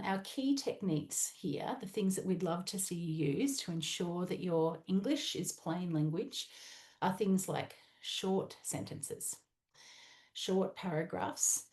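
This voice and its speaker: A woman's voice: medium pitch, animated, slow, a little mellow. An Australian woman presenting a webinar talk in a chatty, conversational way with frequent "um"s.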